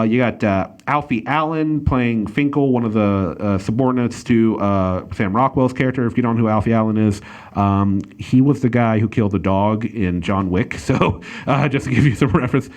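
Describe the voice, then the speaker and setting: A man hosting a casual podcast, reviewing a movie in a rambling way with lots of fillers and restarts. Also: mid-range voice. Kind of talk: casual chat.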